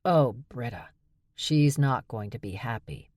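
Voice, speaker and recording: A woman reading an audiobook, voicing a confused, earnest male shifter who is in love, speaking slowly and hesitantly in a lower, softer voice. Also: expressive, dry recording, clean studio sound, full character voice. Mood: earnest, flustered.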